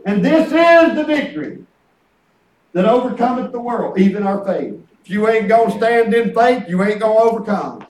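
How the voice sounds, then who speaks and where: An older man preaching a folksy sermon, telling family stories with chuckles and quoting his grandkids. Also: high-pitched. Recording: echoey room picked up from a distance.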